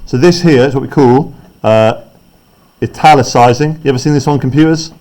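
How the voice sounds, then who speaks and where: A man's voice: medium pitch, brisk, a little mellow. Chatty male teacher explaining a play. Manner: chatty, explaining, often checks in with "right?". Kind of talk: classroom text analysis.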